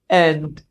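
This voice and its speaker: As a podcast guest, a woman artist tells animated stories in an interview conversation. She acts out the voices of the people she quotes.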